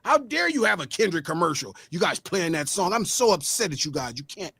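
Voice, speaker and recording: A man doing a quick impression of a self-important rapper, whining indignantly. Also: sits high, big pitch swings, gravelly, sharp tone, breathy edge, no room sound, heavily acted. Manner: whiny, indignant.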